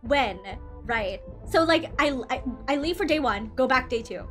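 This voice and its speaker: A woman with a high voice tells a casual story in a rambling way. She swears freely and fills her talk with fillers and self-corrections. Faint music plays softly behind her. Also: expressive, measured pace. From Philippines. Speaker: VTuber streamer.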